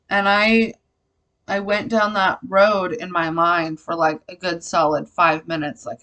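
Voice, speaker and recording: Woman blogger talking slow about her faith, kinda low voice, lots of ums, open and reflective. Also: little pitch movement, fairly bright tone, poor audio. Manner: candid, reflective storytelling with fillers. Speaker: Christian blogger.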